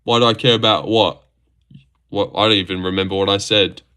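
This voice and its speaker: A man's voice: lowish voice, steady tone, fairly quick, bright, forceful tone, clear, resonant tone. A young man hosting a livestream who chats loosely and crudely, swearing, answering chat and stumbling over his words. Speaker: livestream host reacting to fights.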